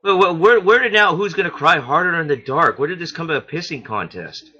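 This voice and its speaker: A man on a webcam talk show who argues defensively and rambles through restart after restart. His voice is very bright and sits a little high for a man. The audio is dull and lo-fi. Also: animated, a little fast, slightly rough. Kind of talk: heated casual chat.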